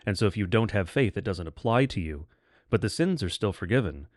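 Deliberate low-voiced man, dry sound. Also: expressive, no room sound. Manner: measured, deliberate, emphatic. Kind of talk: theological podcast discussion.

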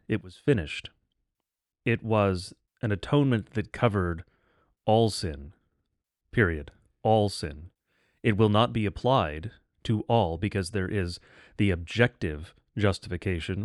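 A man co-hosting a theological podcast, speaking in a measured, emphatic way. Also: low voice, no echo, studio quality.

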